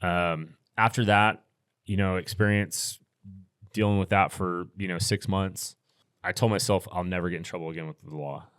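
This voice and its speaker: Podcast guest, middle-aged man, very low voice, relaxed storyteller with lots of restarts. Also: moderate pace, clean tone, no room sound, studio quality. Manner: laid-back, rambling with restarts and fillers. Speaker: podcast guest, firearms instructor. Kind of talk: casual storytelling.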